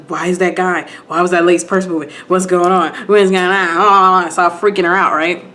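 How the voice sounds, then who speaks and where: A woman vlogger retelling a TV episode to her viewers in a casual, animated way while doing her makeup. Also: lowish voice. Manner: animated, talks to viewers, acts out scenes.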